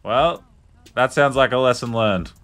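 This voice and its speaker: A man's voice: mid-range voice, a little slow, a bit bright. Laid-back jokey male gamer. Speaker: host, player in police roleplay. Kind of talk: gaming roleplay banter.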